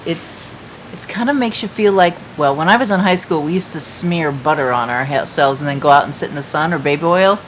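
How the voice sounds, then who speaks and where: A woman's voice: fairly low pitch, a little hiss or hum, low-quality recording. A woman hosting a casual chat to viewers from a patio, talking in a chatty, rambling way with many fillers. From United States. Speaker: craft shop host. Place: outdoor patio.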